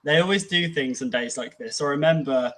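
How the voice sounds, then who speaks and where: A man's voice: a little high, fairly quick, a bit bright, poor audio. Easygoing man musing on a podcast. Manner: easygoing, filler-heavy, musing aloud. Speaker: podcast co-host. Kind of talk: casual chat.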